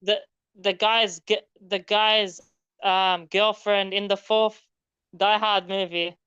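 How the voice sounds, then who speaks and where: Smooth-voiced woman on a dull, lo-fi mic. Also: mid-range voice, steady tone, fairly bright tone, dry recording. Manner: halting, stammers and restarts. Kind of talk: casual chat.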